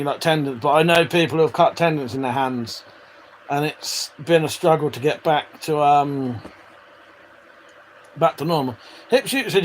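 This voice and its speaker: Male streamer, fairly high voice, loose and sweary, faint hiss behind. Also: poor audio. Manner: chatty, swears freely, laughs often. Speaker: livestream host reading chat. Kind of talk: casual live-stream chat.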